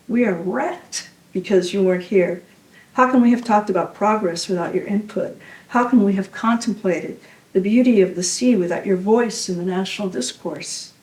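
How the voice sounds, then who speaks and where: A woman poet giving a poetry reading at a university venue, measured and intimate, often dropping to a hush. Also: mid-range voice, echoey room, distant mic, rough recording.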